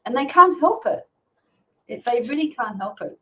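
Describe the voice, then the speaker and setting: On a casual podcast interview, a woman dog behaviour expert chats and explains, often laughing and leaning on fillers like "you know" and "um". Her voice is on the high side with lively intonation at a normal speed, a bit bright, over a low-quality recording with slight hiss or hum.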